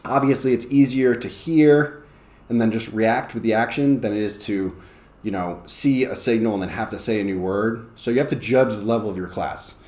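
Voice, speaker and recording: Energetic male ESL teacher, roomy echo. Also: normal speed. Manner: energetic, demonstrates classroom drills with bursts of high excited calls. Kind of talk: teaching demonstration.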